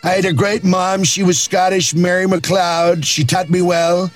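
A man's voice: sits high, flat delivery, normal speed, soft background music, lightly acted. A man impersonating a brash, boastful older male politician who rambles and praises himself.

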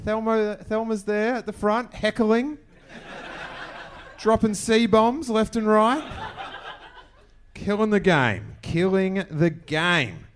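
Lively man hosting a podcast. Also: a little high, slow, slight background noise. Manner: animated, jokey, showman-like introductions. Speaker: podcast host. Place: live venue before an audience.

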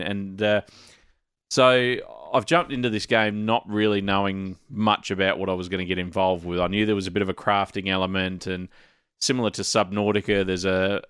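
A man's voice: lowish voice, fairly bright tone, smooth, dry recording, clean studio sound. A man hosting a gaming podcast, giving an easygoing, rambling recap in casual chat. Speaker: podcast host.

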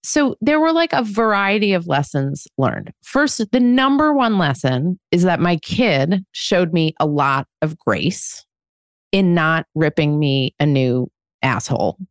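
A woman in her forties tells a story on her own podcast with frank, self-mocking humor and easy laughter. Her voice sits on the low side for a woman. The sound is close and dry, with no room around it. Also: big pitch swings, measured pace, dry recording. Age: 40s. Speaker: podcast co-host. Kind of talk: casual chat.

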